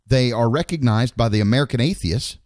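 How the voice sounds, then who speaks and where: A man's voice: medium pitch, brisk, darkish tone, no room sound, studio quality. A middle-aged man, co-hosting a podcast in casual chat, rambling and bluntly swearing. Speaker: podcast co-host.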